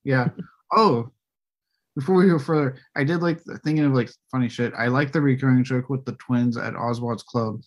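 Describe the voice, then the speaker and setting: A man's voice: mid-range voice, moderate pace. A man co-hosting a casual movie talk show, who swears freely, laughs, and acts out characters. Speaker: podcast co-host.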